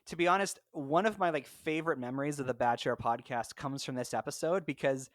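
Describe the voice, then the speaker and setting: Man, podcast host, upbeat, casual chat, fairly high voice, dry sound. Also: fast, dry recording. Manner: upbeat, laughs easily. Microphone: remote call mic.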